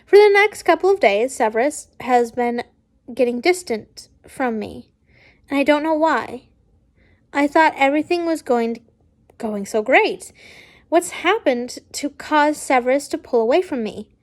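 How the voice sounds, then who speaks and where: A woman's voice: high voice, lively intonation, unhurried. A woman reading fan fiction aloud casually, stumbling and correcting herself often. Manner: stumbling, frequent restarts and self-corrections.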